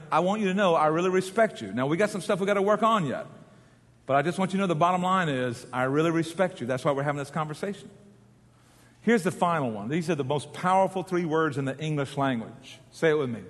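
A man's voice: high voice, a bit bright, long reverb tail. A middle-aged male pastor preaching with passion and leading his congregation in call and response. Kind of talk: sermon.

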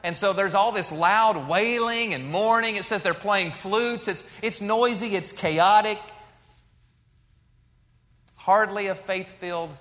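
A male pastor preaching a sermon in a conversational way, pushing up for emphasis and then dropping to a soft, slow hush. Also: high-pitched. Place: church sanctuary. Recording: long hall reverb.

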